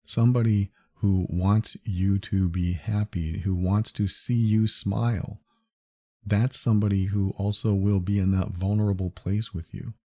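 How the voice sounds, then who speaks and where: A man with a very dark, mellow voice and a slightly low pitch, talking to his listeners in an earnest, reassuring way on a solo advice podcast. He leans on repetition to drive his points home. He is recorded close to the microphone. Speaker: podcast host.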